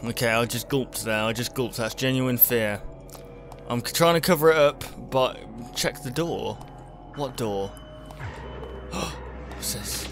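Over music, a young man with a mid-range voice takes his time as he narrates a horror game into his headset mic. He's a gaming YouTuber who mutters to himself and startles easily.

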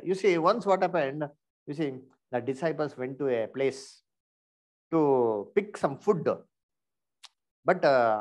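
Male Bible teacher, lively rise and fall, rhetorical questioning. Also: mid-range voice. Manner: rhetorical questions with many "you see" fillers. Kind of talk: interactive Bible lesson.

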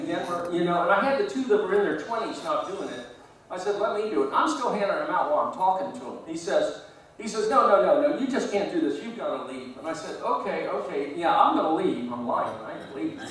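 A man's voice: high voice, a bit bright. A middle-aged man giving a speech at a meeting as guest speaker, telling anecdotes and acting out both sides of each exchange. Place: meeting room. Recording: very echoey room, distant mic, faint noise.

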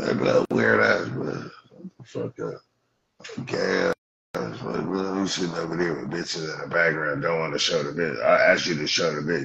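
Brief: deep male streamer, Los Angeles Black English, profane roast, keeps saying "blood", lo-fi sound. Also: gravelly, fairly bright tone. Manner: profane, mocking, repeats "blood" constantly. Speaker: livestream host. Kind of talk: roasting callers on a livestream. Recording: dull lo-fi stream audio.

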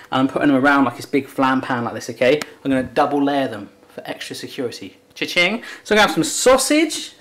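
A man's voice: on the high side, slight background noise. An English man hosting a casual cooking vlog from a home kitchen, chatty, jokey and upbeat. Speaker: cooking show host.

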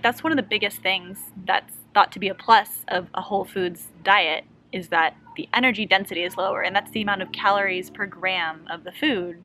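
A woman researcher casually explaining a scientific study, talking quickly and enthusiastically while lying in a hammock outdoors. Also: mid-range voice, a little hiss or hum, rough recording. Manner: fast talker, animated and enthusiastic.

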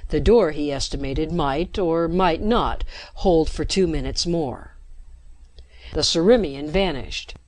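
A woman narrating a science fiction story with steady, dramatic pacing into a close mic. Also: low voice, takes it slowly, no echo. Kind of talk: scripted narration.

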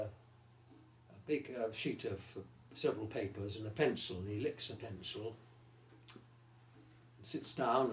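Elderly male raconteur in his eighties, mid-pitched, lively, recorded in a roomy echo. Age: 80s. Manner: lively raconteur who acts out the quoted voices. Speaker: interviewee recalling his career. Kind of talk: anecdotal storytelling.

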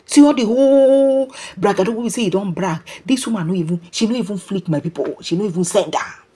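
Nigerian female gossip vlogger, husky mellow voice, lively street-talk delivery. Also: medium pitch, a little fast. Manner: animated, keeps calling out "my people", mixes Pidgin and English. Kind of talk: casual celebrity gossip commentary.

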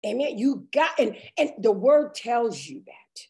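Tearful, impassioned woman preaching high and lively. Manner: impassioned, cries out and shouts while preaching, reads scripture slowly. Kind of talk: sermon.

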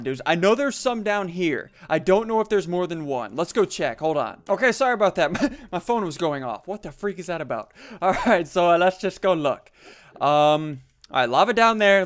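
A young man talks through his game run in a smooth, fairly high voice. He is excitable and jumpy, laughing often and gasping when startled. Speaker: gaming YouTuber. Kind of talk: Let's Play commentary.

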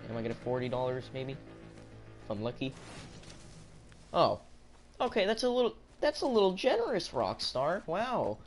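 A man's voice: medium pitch, a little mellow. A man giving live gameplay commentary, ranting in frustration and answering chat.

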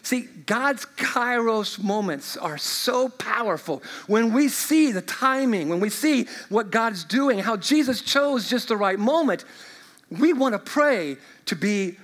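A man preaching a sermon as pastor, swinging from loud proclamation to quiet, chatty asides. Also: sits high, expressive, slow pace. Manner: chatty, uses sports illustrations and fillers.

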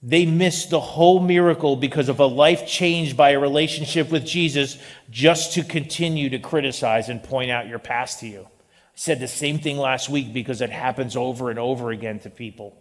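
A male pastor preaching a sermon in an animated style, with joking asides. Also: medium pitch, moderate pace. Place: church sanctuary. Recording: long reverb of a large hall.

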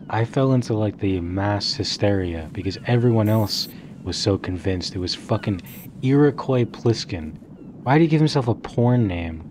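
A young man casually commentating his video game playthrough, swearing freely, laughing often and bursting into excited outbursts. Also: fairly low pitch, slight background noise. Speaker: gaming streamer. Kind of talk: casual let's play commentary.

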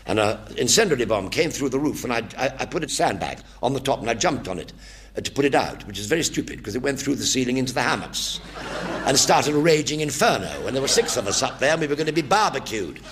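A man's voice: medium pitch, big pitch swings, quick pace, fairly bright tone. An English man in his seventies telling war stories to a theatre audience, acting out every voice in his one-man stage show. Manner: vivid raconteur, acting out every voice.

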